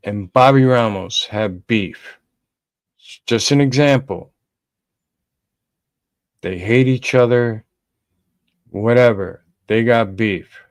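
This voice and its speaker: A man's voice: mid-range voice, no room sound. A man co-hosting a podcast in casual talk, emphatic and repeating his key lines. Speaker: podcast co-host.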